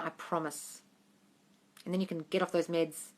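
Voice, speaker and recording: A woman's voice: fairly low pitch, level tone, normal speed, long pauses, bright, forceful tone. A woman answering viewers' questions on a casual livestream, frank and emphatic, swearing freely and calling everyone darling. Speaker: manifestation coach answering live questions.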